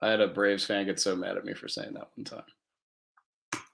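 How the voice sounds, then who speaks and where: Low-voiced man, hesitant and jokey. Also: sing-song, moderate pace, vocal fry, a bit bright. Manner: hesitant, restarts sentences, jokey. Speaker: podcast co-host. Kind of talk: casual chat.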